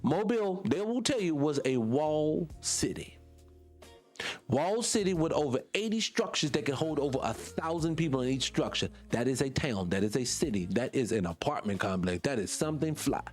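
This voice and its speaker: A man with a Southern US accent hosting a radio show, talking off the cuff in an animated, preachy way, firing rhetorical questions and swearing casually. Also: fairly high pitch, normal speed, soft background music. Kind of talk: off-the-cuff monologue.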